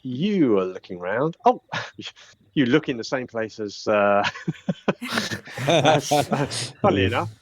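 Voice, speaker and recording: A man's voice: medium pitch, very animated, slow, slight background noise. A man narrating as dungeon master for a tabletop game, chatty and laughing, with many fillers and restarts. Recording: dull lo-fi sound.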